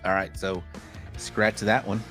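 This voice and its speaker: A man's voice: lowish voice, little pitch movement, unhurried, fairly bright tone, soft background music. A man hosting a live online show, reading out a list of upcoming events in a rambling, self-correcting way. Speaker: podcast host.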